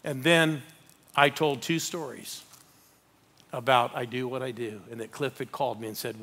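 Older preacher, forceful and bright. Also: male voice, medium pitch, normal speed. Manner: animated, rallies the congregation with call-outs. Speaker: pastor. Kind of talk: live sermon.

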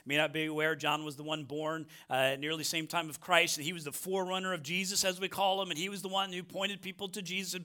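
A man's voice: on the high side, fairly even intonation, fast, few pauses, bright, forceful tone. A middle-aged American man preaching a sermon, emphatic, repeating phrases and asking "right?" often. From United States. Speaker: pastor.

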